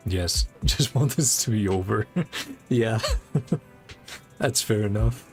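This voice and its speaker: A man's voice: slow pace, over music. A man streaming a story game, chatting casually and laughing often between dialogue lines. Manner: chatty, laughs often, low-key asides. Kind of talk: casual gameplay commentary.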